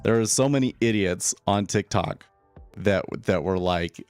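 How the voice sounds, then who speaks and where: Casting note: low, gravelly man, loose opinionated trading chatter, faint music under him. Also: moderate pace, darkish tone, dry recording. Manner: casual, opinionated, repeats words when starting sentences. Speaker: day trader streaming live. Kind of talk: live trading commentary.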